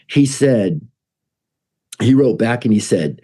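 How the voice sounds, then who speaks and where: A man's voice: medium pitch, animated, takes it slowly, mellow. A man guest telling a long, chatty story with lots of fillers, restarts and laughs. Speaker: musician guest. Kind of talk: casual rambling storytelling.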